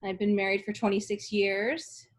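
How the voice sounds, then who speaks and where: A woman's voice: mid-range voice, little pitch movement, normal speed. Nervous woman introducing herself on a call. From San Diego. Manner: friendly, slightly nervous. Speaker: student. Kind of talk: self-introduction in class. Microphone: video call.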